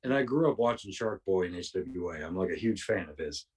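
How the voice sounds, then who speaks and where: A man's voice: low voice, lively intonation, fairly quick, a little mellow, slightly rough, recorded from a distance. A man, a podcast guest, telling rambling, profane anecdotes casually, with lots of restarts. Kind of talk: casual storytelling.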